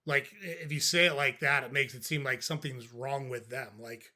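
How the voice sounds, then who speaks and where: Older male podcast host, bright, forceful tone, dry and matter-of-fact, casual advice delivery. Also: medium pitch, moderate pace. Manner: conversational, dry, acts out sample replies.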